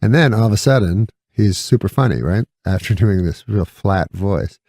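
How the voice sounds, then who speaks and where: Man with a deep, husky, gravelly voice; rambling deadpan storyteller, dry close mic. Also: normal speed, dry recording. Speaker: guest comedian. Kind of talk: casual anecdote in an interview.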